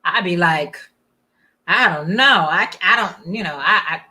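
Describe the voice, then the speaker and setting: A woman's voice: fairly low pitch, unhurried, pushed and bright. A middle-aged woman hosting a casual livestream, chatting and reading comments aloud, often saying "y'all". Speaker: livestream host.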